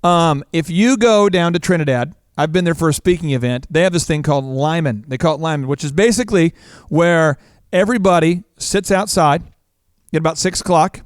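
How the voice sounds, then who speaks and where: A man hosting a business talk show as a coach, energetic and animated, telling stories. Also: a little high, brisk, no room sound, clean studio sound. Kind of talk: casual chat.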